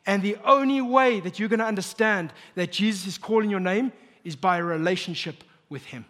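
A married man preaching a sermon as pastor, emphatic and building to near shouts. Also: sits high, fairly quick. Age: adult, married. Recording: long hall reverb.

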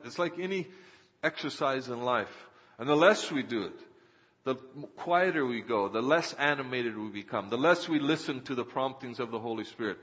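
A man preaching a sermon as pastor, swinging between loud exhortation and quiet storytelling. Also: mid-range voice, lively intonation, normal speed. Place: church sanctuary. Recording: muffled church hall with long reverb.

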